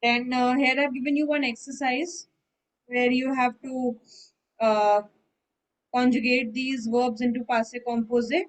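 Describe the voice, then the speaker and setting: A woman's voice: a little high, level tone, measured pace, rough recording. A woman teaching French in an online lesson, explaining patiently and often checking that her student understands. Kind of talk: online one-on-one language lesson.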